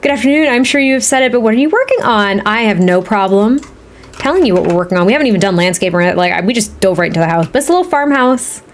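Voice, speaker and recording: Expressive and quick, this woman's mid-range voice comes through with slight background noise. She builds in a game on a live stream, laughing frequently, rambling, and addressing chat viewers as she reads their comments.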